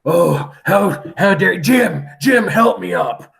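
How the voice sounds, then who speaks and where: A man voicing a mean, hot-tempered old pirate who shouts and sings rowdily. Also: high voice, expressive, drawn-out words, creaky, voice pushed up, full character voice. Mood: weak. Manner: loud, outraged shouting.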